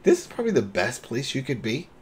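Brief: male podcast co-host, mid-pitched, lively retelling of scenes, casual. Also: quick pace, breathy edge. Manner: animated, acts out characters' lines while retelling. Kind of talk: casual recap chat.

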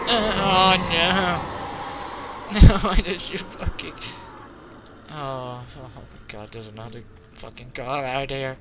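A man's voice: fairly high pitch, lively intonation, slow, pauses often, background noise. Panicky swearing young gamer guy. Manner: panicky, swearing, yelling at the game. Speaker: gamer playing a horror game. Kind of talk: frantic let's-play commentary. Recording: game music loud behind the voice.

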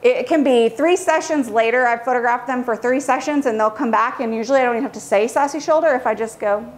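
A woman photographer giving a casual tutorial, chatty and lively as she acts out how kids react. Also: fairly high pitch, fast talker. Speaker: children's portrait photographer.

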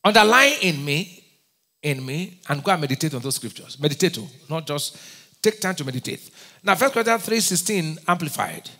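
High, lively Nigerian preacher. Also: male voice, brisk, in a large hall. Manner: call-and-response preaching, firing questions at the congregation; breaks into sudden shouts and laughs. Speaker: pastor. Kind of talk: sermon.

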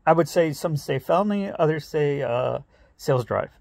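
A man's voice: a little high, expressive, normal speed, creaky, darkish tone, no room sound. A middle-aged man from the Midwest telling stories in a casual vlog, laughing often and acting out what people said in a raised voice. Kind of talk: casual storytelling.

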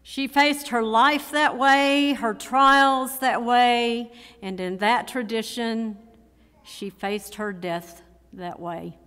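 A woman in her sixties gives a memorial eulogy for her mother in a church, speaking in an emotional, measured way with repeated phrases. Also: on the high side, a bit bright, clean tone. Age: 60s. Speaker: daughter giving a eulogy. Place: church sanctuary. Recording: long church hall reverb.

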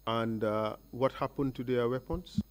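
A man's voice: medium pitch, steady tone, measured pace. A man questioning a witness at a formal hearing, probing and pressing with leading questions. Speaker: lead counsel questioning a witness. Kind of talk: formal cross-examination. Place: hearing room.

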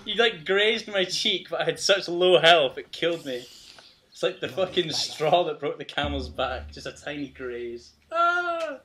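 A young man giving profane, excitable commentary while playing a fighting game against a friend, trash-talking and laughing often. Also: on the high side, normal speed, a loud crowd.

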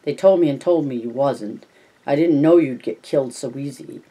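A reader voicing a big, simple-minded, gentle ranch hand in a storybook reading, speaking slowly, plaintively and like a child. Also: medium pitch, breathy edge, lightly acted.

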